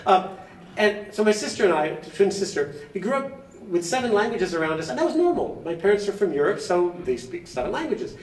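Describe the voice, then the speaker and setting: A man from Los Angeles giving an enthusiastic, halting acceptance speech, with frequent restarts. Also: sits high, very animated, a little hiss or hum. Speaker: award recipient. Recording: echoey hall, distant mic.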